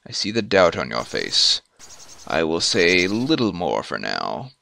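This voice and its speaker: A man voicing a weary old druid, speaking slowly and solemnly in a put-on accent, sinking to hushed whispers. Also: sits low, huge pitch swings, creaky, full character voice. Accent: put-on foreign accent, not his own. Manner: slow, solemn delivery with hushed, whispered drops.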